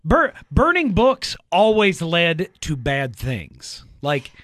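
A man co-hosting a casual movie chat, joking and acting out quick bits of dialogue. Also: a little high, huge pitch swings, a bit bright, no echo, clean studio sound. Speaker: podcast co-host.

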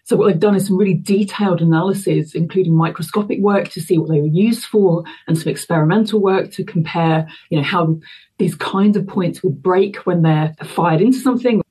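A woman's voice: fairly low pitch, a little fast, warm tone, husky, poor audio. A woman researcher answering interview questions, explaining carefully and thoughtfully as she goes. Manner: explanatory, thoughtful, with fillers and restarts. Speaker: university researcher.

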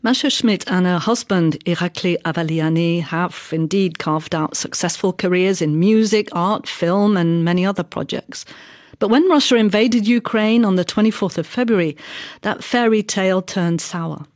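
A woman reporter narrating a feature in a measured, factual way and asking questions. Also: fairly low pitch, no echo, clean studio sound. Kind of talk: scripted narration.

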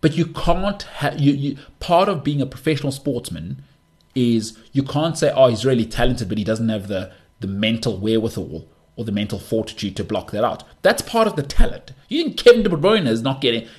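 Animated ranting male sports host. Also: medium pitch, a little fast. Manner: emphatic and exasperated, repeats words for stress. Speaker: podcast host. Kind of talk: solo sports talk rant.

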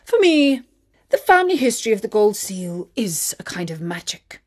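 A woman voicing a fussy, grumbling but kindly old king in a storybook reading, in a blustery, measured manner. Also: mid-range voice, big pitch swings, a little mellow.

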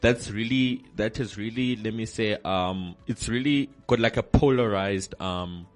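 A man co-hosting a podcast in casual chat, halting often with fillers and restarts. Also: fairly low pitch, soft background music. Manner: animated, halting with many fillers. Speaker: podcast co-host.

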